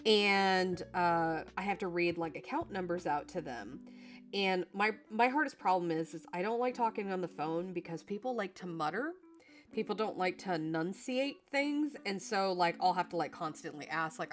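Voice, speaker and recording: Young woman streamer rambling to chat, kinda low voice, soft music playing behind. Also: normal speed. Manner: rambling, lots of fillers and restarts, laughs easily. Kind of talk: casual live-stream chat.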